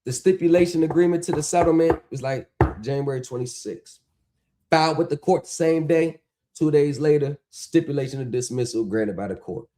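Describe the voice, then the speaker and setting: A man hosting a livestream, talking in an animated, mocking rant that is full of profanity and rhetorical questions. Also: on the high side, brisk. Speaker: stream host. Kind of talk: ranting livestream talk.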